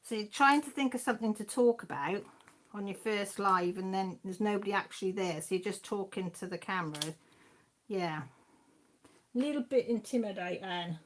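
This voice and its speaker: A woman's voice: medium pitch, normal speed, a little hiss or hum. A Welsh woman in her sixties, a channel host chatting casually on a live stream and reading out viewer comments in a rambling, friendly way. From Wales. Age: 60s.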